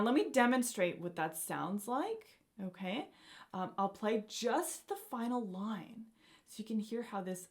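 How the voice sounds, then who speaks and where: A woman's voice: mid-range voice, creaky. A woman teaching a beginner piano lesson, speaking encouragingly and often checking in with "okay?" and "right?".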